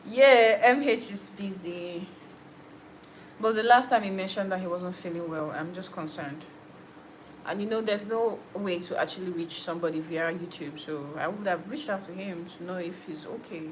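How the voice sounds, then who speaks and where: A woman's voice: lowish voice, moderate pace, a little hiss or hum, rough recording. Chatty young woman hosting a livestream. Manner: chatty, laughs often, reads and answers viewer comments. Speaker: livestream host and musician. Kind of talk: casual livestream chat with viewers.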